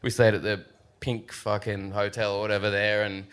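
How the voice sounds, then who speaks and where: A man's voice: on the low side, level tone, normal speed, fairly bright tone, clear, resonant tone. A man telling a story in a casual, profane way, putting on raised voices for the people he quotes. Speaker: guest surfer.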